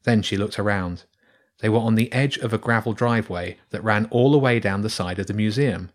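A man reading a children's storybook aloud in a steady, measured way. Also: on the low side. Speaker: narrator.

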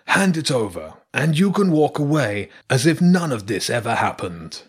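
A man voicing a grey male wolf villain in a storybook, speaking slowly and coldly. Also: mid-range voice, sing-song, breathy edge, voice pushed up. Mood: menacing. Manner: slow, cold and threatening.

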